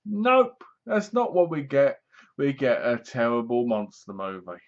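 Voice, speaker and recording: A man's voice: medium pitch, big pitch swings, moderate pace, a little mellow. A man with an English accent giving a casual, rambling movie review that sounds sarcastic. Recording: dull lo-fi recording.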